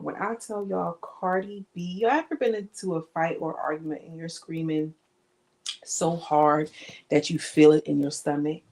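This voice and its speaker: Blunt, animated woman with a lower voice. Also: moderate pace. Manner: animated, emphatic, slangy and blunt. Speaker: online commentator. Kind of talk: casual gossip commentary vlog.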